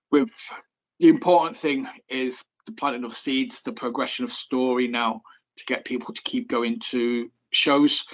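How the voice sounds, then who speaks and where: A man's voice: medium pitch, a bit bright, muffled recording. A man co-hosting a podcast, talking casually and rambling with plenty of fillers. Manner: rambling, filler-heavy, chatty. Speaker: podcast co-host. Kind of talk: casual chat.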